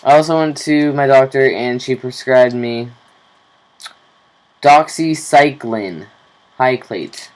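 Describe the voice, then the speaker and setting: A young man talking slowly in a rambling, casual video diary, swearing offhandedly. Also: medium pitch, rough recording. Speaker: vlogger.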